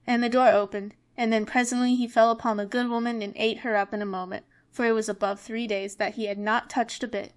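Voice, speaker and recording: A woman reading an old fairy tale aloud in a measured, even storybook manner. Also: fairly high pitch.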